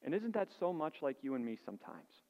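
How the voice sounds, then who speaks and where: An earnest male pastor preaching with a fairly high voice, building up emphasis and asking rhetorical questions. His voice rings with a long hall echo, and the recording is dull. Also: very animated, brisk. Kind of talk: sermon.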